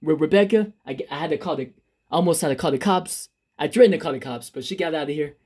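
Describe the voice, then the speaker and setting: A man's voice: a little high, fast, a little mellow, breathy edge. A man voicing an earnest, too-nice boyfriend who pleads and apologizes. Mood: firm.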